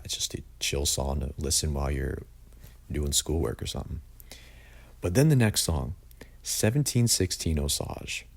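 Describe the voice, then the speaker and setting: A man's voice: rumbling low, gravelly, husky. A young man reviewing music in a casual, opinionated way, blunt and full of "like". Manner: opinionated, blunt, says "like" often. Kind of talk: casual album ranking review.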